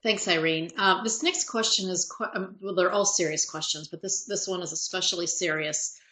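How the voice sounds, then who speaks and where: A woman's voice: on the low side, fairly even intonation, normal speed, sharp tone. A woman moderating a webinar, reading audience questions carefully with frequent hesitations. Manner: hesitant, careful, many fillers. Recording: echoey room audio.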